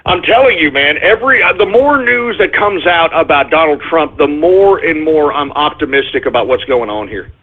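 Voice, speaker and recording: A high-pitched, husky male talk radio host who rants loudly and breaks into shouting, stretching out words for emphasis. His voice comes through a tinny, phone-like radio stream. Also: normal speed, hardly any pauses. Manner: loud irritated ranting with shouted bursts. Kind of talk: ranting internet radio monologue.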